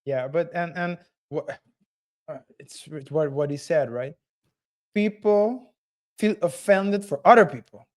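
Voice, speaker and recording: A man co-hosting a podcast, talking casually in a halting, hedging way. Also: fairly high pitch, darkish tone. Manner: slow, halting, hedging with fillers. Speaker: co-host.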